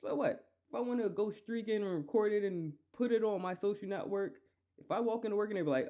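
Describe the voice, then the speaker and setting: A man's voice: sits high, fast, mellow. A man hosting a solo podcast, ranting heatedly and profanely, repeating himself. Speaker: podcast host.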